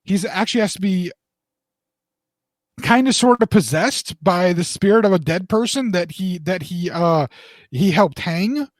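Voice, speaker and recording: Man, 40s, podcast co-host; higher-pitched voice, dry and close, chatty storyteller who restarts his sentences. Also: unhurried, dry recording. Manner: rambling, animated storyteller with restarts. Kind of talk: casual storytelling chat.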